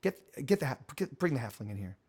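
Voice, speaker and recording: A man's voice: medium pitch, big pitch swings, fast, a little mellow, breathy edge. A man voicing a brash, profane female leader in a tabletop game, in his own casual voice. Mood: exasperated. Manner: casual, swearing.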